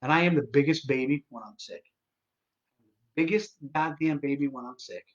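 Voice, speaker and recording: A man's voice: on the high side, normal speed, lo-fi sound. A man hosting his own live stream, sick and tired, ranting with exasperation and lots of swearing and false starts. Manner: exasperated, profane ranting with many restarts.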